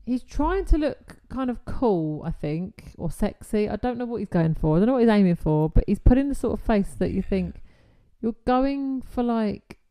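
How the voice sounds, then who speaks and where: Gravelly, mellow woman chatting. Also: a little high, lively intonation, moderate pace, few pauses. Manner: chatty, lots of "like", laughs often. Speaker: podcast co-host. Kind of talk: casual chat reviewing a film.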